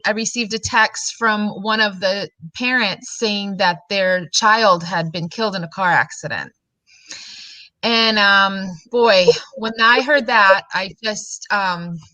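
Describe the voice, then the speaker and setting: A middle-aged woman speaks as a radio guest in a bright, forward voice. She tells her story earnestly, pausing and filling gaps as she goes. The studio sound is close and dry. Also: on the high side, no echo, low-quality recording. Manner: earnest, halting, with many fillers. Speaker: guest, grief support coordinator. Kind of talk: personal story in a radio interview.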